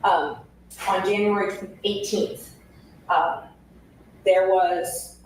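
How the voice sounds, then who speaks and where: A woman's voice: mid-range voice, steady tone, very slow. A woman questioning a witness in court, persistent and rephrasing her questions. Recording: echoey room audio from far off, faint hiss.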